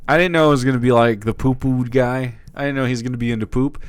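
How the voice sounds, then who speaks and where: A man's voice: mid-range voice, fairly even intonation, fast, clean tone, no room sound. A man streaming live, giving sarcastic, mocking commentary on a video clip. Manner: sarcastic, mocking asides with laughs. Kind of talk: casual commentary.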